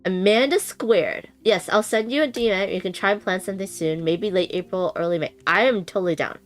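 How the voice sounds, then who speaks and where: A woman's voice: mid-range voice, fairly quick, faint music behind. A woman chatting casually with her live-stream viewers while unboxing a board game, bubbly, laughing often and using many fillers. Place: home room with noisy bathroom upstairs.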